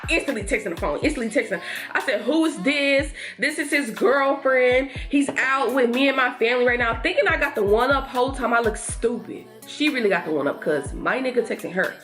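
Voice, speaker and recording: A young woman sits and tells a storytime to her viewers while she gets ready, her voice a bit high. She talks in a lively, chatty way and acts out the lines of everyone in the story. Soft music plays quietly behind her. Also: brisk. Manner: animated, talks to viewers as y'all, acts out quotes. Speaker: beauty vlogger. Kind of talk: storytime chat while doing makeup.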